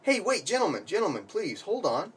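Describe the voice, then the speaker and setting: A courteous talking dog, as a man puts him on, asking careful questions in a soft, slightly raised and husky voice. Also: sits high, wildly swooping pitch, a little fast, voice pushed up, heavily acted. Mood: curious. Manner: polite, inquisitive. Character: polite curious talking dog.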